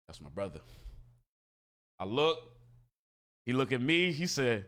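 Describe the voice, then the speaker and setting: A man's voice: mid-range voice, unhurried, pauses often. A man streaming a game, telling a story casually and animatedly in heavy slang and acting out what people said. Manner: animated, slangy, acts out quotes. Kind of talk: casual storytelling while gaming.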